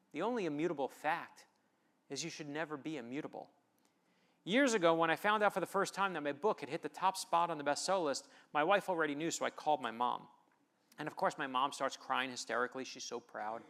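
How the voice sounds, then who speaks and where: A man, an author, giving a festival keynote speech, telling stories with rising emphatic build-ups and dramatic quiet drops on key phrases. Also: on the high side, creaky.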